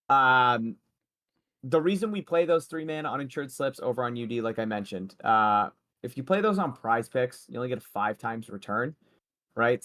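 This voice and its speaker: A man's voice: medium pitch, fairly bright tone. Casual young male betting stream host. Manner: loose, joking, talks to chat. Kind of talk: casual livestream chat.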